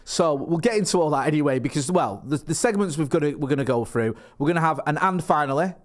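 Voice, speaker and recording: A man's voice: fairly high pitch, expressive, fast talker. A man co-hosting a podcast, chatting casually in a rambling, jokey way and reading news reports aloud. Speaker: podcast co-host. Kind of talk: casual chat.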